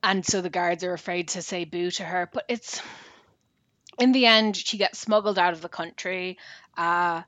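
A woman's voice: lowish voice, moderate pace, a bit bright, no echo. A woman co-hosting a casual book talk, retelling a story at length with fillers. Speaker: book podcast co-host.

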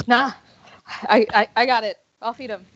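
A woman's voice: a little high, fairly even intonation, moderate pace, fairly bright tone, a little hiss or hum. A woman speaking casually as a player in a tabletop game, hesitant and full of fillers. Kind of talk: casual in-character tabletop play. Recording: dull lo-fi sound.

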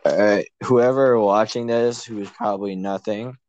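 Goofy, deep-ish teenage boy. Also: measured pace, dry recording, lo-fi sound. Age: teens. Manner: goofy, deadpan jokes. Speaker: podcast co-host. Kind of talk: casual chat.

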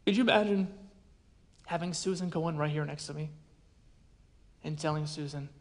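A man preaching a sermon as a pastor, telling a personal story in an earnest way and often dropping to a hushed voice. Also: on the high side, normal speed.

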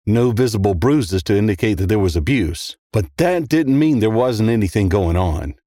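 Low dry voice guy reading a creepy story, steady and measured. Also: no room sound. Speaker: horror story narrator. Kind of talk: first-person horror story reading.

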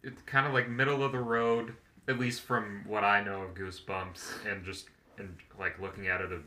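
A man's voice: fairly low pitch, level tone, normal speed, bright, forceful tone, slight background noise. A young man co-hosting a podcast, thinking aloud hesitantly in casual chat. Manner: hesitant, restarts and fillers while thinking aloud. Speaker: podcast co-host.

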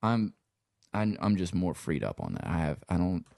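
A man's voice: sits low, huge pitch swings, moderate pace, vocal fry, darkish tone, dry recording. A man from Louisiana with a Cajun accent, chatting casually as a guest and peppering his talk with swearing and "you know". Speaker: guest, sound engineer and musician. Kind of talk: casual interview chat.

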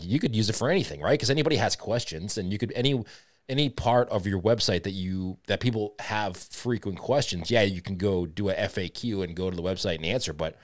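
A man with a Boston accent hosting a casual podcast interview, chatty and quick to laugh. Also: fairly low pitch. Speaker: podcast host.

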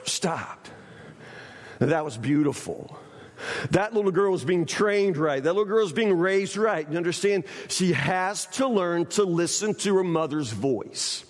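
A man preaching a sermon, emphatic and repeating phrases, often asking the congregation if they understand. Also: high-pitched. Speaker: pastor. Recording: church hall reverb.

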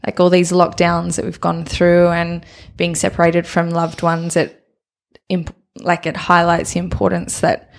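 Low gravelly-voiced woman, thoughtful guest. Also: completely flat delivery, a little slow. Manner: agreeable, thoughtful, affirming. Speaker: guest, business owner. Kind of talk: casual conversation.

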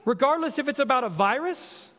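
Male pastor, very high voice, passionate sermon delivery, long hall reverb. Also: lively intonation, bright, forceful tone. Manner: impassioned, repetitive exhortation with slow emphatic stresses.

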